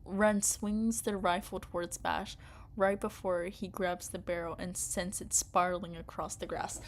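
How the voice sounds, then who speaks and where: A woman streamer reading game narration aloud and breaking off to rant loudly at the story, often laughing. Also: lowish voice, flat delivery, unhurried.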